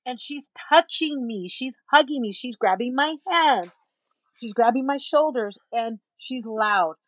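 Animated woman telling a story, dry lo-fi sound. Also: on the high side, measured pace, no echo. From Texas. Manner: animated, acts out the people in her story. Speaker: interview guest. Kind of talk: storytelling in a conversation.

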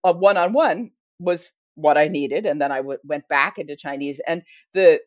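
A woman's voice: low voice, moderate pace, no echo. A middle-aged American woman, a historian, telling a self-deprecating story in a casual interview. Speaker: guest historian. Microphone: wearing headphones at a mic.

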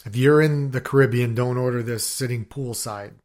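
Male co-host, casual banter, curses a lot, average pitch. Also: moderate pace. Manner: profane, riffing, animated. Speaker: podcast co-host. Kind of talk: casual chat.

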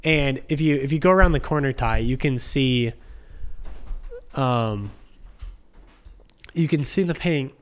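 A man's voice: mid-range voice, lively intonation, measured pace, pauses often. A man telling a long anecdote as a podcast guest in his living room, rambling with plenty of "like" and acting out what people said. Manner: rambling, heavy use of "like", acts out quoted speech. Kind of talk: casual storytelling chat.

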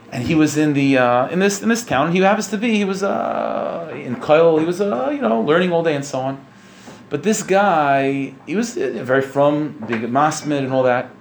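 Male religious speaker, middle pitch, chatty storytelling sermon with lots of repeats. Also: a little hiss or hum. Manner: conversational, repeats phrases, asks "you know what I'm saying?".

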